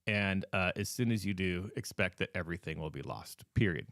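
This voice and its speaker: A podcast host, a man with a lowish voice that is wearing thin as he loses it. He talks casually and with emphasis, repeats his warnings and fills pauses with ums. The sound is dry and close to the mic. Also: lively intonation, a bit bright, dry recording. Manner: repetitive, emphatic warnings with many fillers. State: losing his voice. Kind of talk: casual advice talk.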